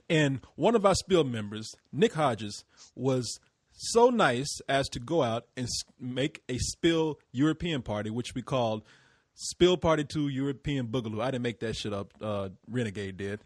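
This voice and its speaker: An American man hosting a casual group podcast, loud, laughing and swearing freely. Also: mid-range voice, animated, normal speed, dry recording. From United States. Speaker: podcast host.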